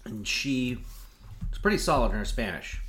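A man's voice: mid-range voice, lively intonation, normal speed, a bit bright. A man co-hosting a podcast, telling a long story in casual chat with many fillers. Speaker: podcast co-host.

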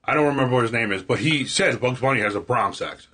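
Queens dude rambling, lots of restarts, normal pitch, casual chat at a tattoo shop. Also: fast, pushed and bright, breathy edge. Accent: Queens, New York. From Queens, New York. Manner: rambling, stammers and restarts, cheerful. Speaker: podcast host as guest. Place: tattoo shop after hours.

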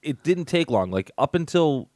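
A man's voice: on the high side, very animated, normal speed, darkish tone, no room sound, studio quality. A man in his forties chatting casually as a podcast co-host, rambling and laughing at his own jokes. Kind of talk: casual chat.

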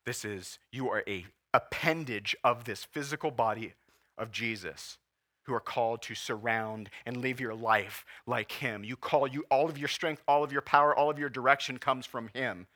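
A pastor in his forties preaches in church with a bright, forceful voice. He talks earnestly and with feeling, holding back tears at times. His pitch sits in the middle for a man. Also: normal speed. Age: 40s. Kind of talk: sermon.

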